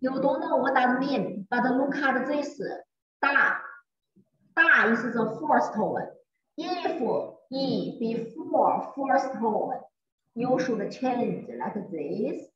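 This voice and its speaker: A woman teacher with a Chinese accent, explaining a lesson slowly and repetitively in a classroom, recorded from a distance. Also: high-pitched, animated, a bit bright. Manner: slow, repetitive, patient explaining. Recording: roomy, muffled, from far off.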